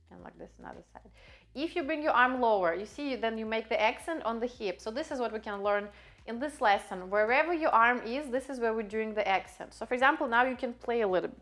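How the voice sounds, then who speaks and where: Woman, friendly posing coach, slightly high voice, light music underneath. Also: creaky, fairly bright tone. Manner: friendly, demonstrating poses, with frequent fillers and laughs. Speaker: pole posing instructor. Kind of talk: casual instructional video.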